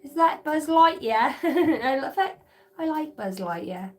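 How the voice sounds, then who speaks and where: Rambling middle-aged woman, swears a lot, laughs between stories, fairly high voice, soft music behind. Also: lively intonation, unhurried. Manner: profane, laughs often, jumps between stories. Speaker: channeler and card reader. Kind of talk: rambling casual vlog chat.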